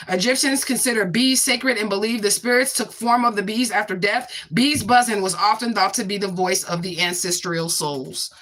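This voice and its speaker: A woman's voice: medium pitch, pushed and bright. A woman giving a casual spiritual reading in a blunt, profane, emphatic way, repeating catchphrases for emphasis. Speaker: spiritual card reader.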